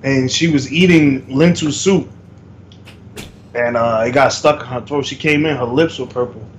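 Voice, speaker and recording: A man's voice: medium pitch, normal speed, a little hiss or hum. A man co-hosting a casual podcast, easygoing and rambling as he tells stories. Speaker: podcast co-host.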